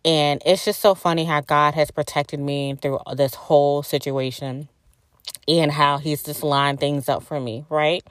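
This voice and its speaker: Speaking in a deep, fairly even, unhurried voice with no room sound, a drained woman hosts a podcast. She shares the story of her spiritual journey casually and frankly, cursing freely and leaning heavily on "like."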